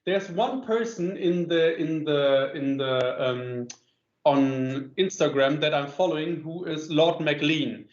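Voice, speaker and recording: A man's voice: fairly high pitch, slow pace. German man chatting as co-host. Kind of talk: casual chat. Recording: roomy, dull sound.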